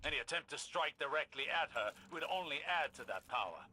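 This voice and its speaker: An actor voicing a grave male commander in a video game, delivering measured, solemn briefings. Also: on the high side, expressive, sharp tone, slight background noise.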